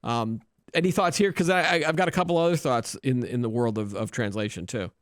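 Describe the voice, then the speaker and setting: Smooth-voiced man hosting a tech chat. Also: medium pitch, a little fast, no echo, studio quality. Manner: chatty and joking, with many restarts. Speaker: tech show host. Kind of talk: casual tech news chat.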